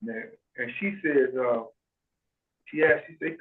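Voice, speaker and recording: A man talks through a narrow, phone-like video call line, his voice sitting a little high. He tells his stories with animation, acting out what people said and often restarting mid-sentence. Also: unhurried, gravelly. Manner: animated, acts out quoted voices, frequent restarts. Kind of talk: casual storytelling in a video call.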